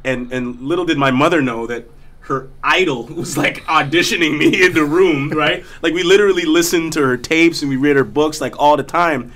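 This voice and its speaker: A man's voice: fairly high pitch, normal speed, fairly bright tone. Laid-back slangy man telling stories. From South Africa. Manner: laid-back storyteller, slangy, many fillers and restarts. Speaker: guest actor. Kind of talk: casual studio chat. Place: studio.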